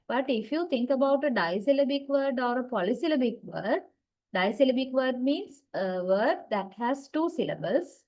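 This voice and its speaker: A woman's voice: on the high side, darkish tone, rough recording. A woman lecturing on English word stress, speaking English as a second language, with frequent "uh"s and regular checks like "right?" and "okay". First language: not English. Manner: frequent "uh" fillers and restarts. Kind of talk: recorded university lecture.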